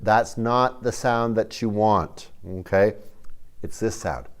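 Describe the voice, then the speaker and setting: Middle-aged guy teaching kids music, kinda low voice, chatty folksy way, talks right at them. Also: takes it slowly. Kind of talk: instructional video lesson for kids.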